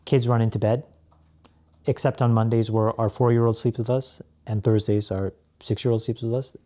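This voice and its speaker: A man talking as a guest on a podcast, telling stories in a relaxed way, with restarts and laughs. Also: mid-range voice, moderate pace. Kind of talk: casual interview chat.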